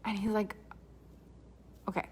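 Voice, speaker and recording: A woman from Canada telling a comic personal story with dramatic asides and quoted dialogue. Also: measured pace.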